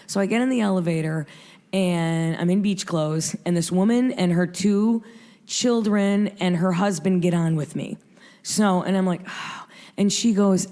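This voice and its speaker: A woman in her fifties from Michigan, a radio host telling an anecdote in a rapid, breathless way, acting out quotes as she goes. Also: mid-range voice, a little mellow. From Michigan, USA. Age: 50s.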